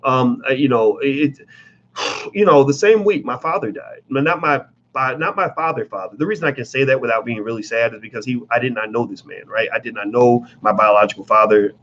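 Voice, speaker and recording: A man's voice: mid-range voice, fairly quick, fairly bright tone, lo-fi sound, a little hiss or hum. A man giving blunt, emphatic commentary in a casual vlog, talking straight to his viewers with plenty of profanity.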